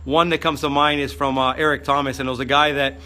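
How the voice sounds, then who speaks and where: A man giving an energetic motivational vlog talk, fired up, with frequent fillers. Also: medium pitch, fast talker. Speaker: motivational speaker.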